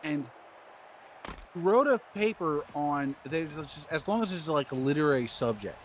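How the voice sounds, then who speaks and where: High-voiced man rambling through a story. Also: moderate pace, slight background noise. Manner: laughing, animated, acts out quotes. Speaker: co-host of a game stream.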